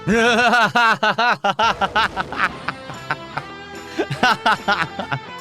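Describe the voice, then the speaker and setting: A man's voice: sits high, very slow, music in the background. A man streaming live, giving casual reaction commentary in an incredulous, exclaiming way.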